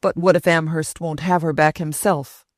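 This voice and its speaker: A woman's voice: sits low, fairly even intonation, normal speed, no echo, clean studio sound, natural voice. A woman reading the part of an elderly, irritable grandfather who speaks in agitated protests.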